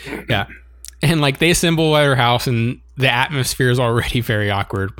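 A man's voice: mid-range voice, fairly quick, a bit bright, dry recording, clean studio sound. A man co-hosting a casual chat, animatedly recapping an anime episode and laughing often as he reads out scenes. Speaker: podcast co-host.

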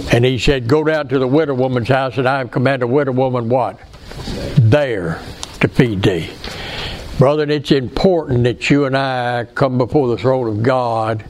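A man's voice: medium pitch, darkish tone. A man preaching a sermon in a folksy, earnest way, asking his congregation questions. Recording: faint background noise.

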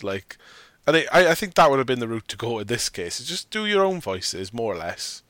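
A man's voice: medium pitch, big pitch swings, fairly quick, few pauses, a bit bright, no echo. A man hosting a casual film discussion, rambling and often correcting himself as he argues his opinions. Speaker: podcast host.

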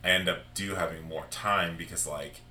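Male podcast host, deep and bright, casual, roomy echo. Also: fairly even intonation, normal speed, distant mic, faint music behind. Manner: loose, filler-heavy, friendly.

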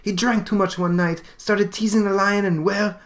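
A man voicing a young Russian circus girl in a put-on Russian accent, high and pleading, as he reads a comic aloud. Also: fairly even intonation, fairly bright tone. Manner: high falsetto, slow and pleading.

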